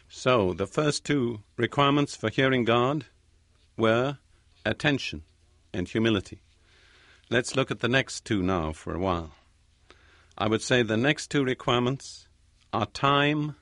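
A man giving a sermon-style teaching talk, speaking slowly and deliberately and repeating key phrases for weight. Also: medium pitch, a bit bright, no room sound, clean studio sound. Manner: measured, slow, deliberate delivery with repeated phrases. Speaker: preacher.

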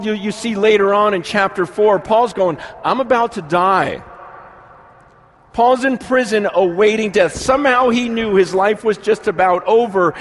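Animated high-voiced preacher man in his forties. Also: slight background noise. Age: 40s. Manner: animated, slips into dramatized quotes, swings from urgent to hushed. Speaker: pastor. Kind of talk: sermon. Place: preaching on stage to a live congregation.

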